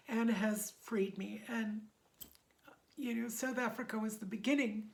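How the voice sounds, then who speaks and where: A woman's voice: a little high, flat delivery, measured pace, vocal fry. A middle-aged woman instructor gives a heartfelt personal testimony to her community, her voice often wavering near tears. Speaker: meditation method instructor.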